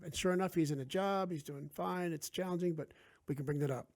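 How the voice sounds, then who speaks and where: A man's voice: fairly high pitch, fairly quick. A middle-aged man from New Jersey, a podcast guest telling stories in casual chat and acting out the voices he quotes. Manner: animated, acts out quoted voices.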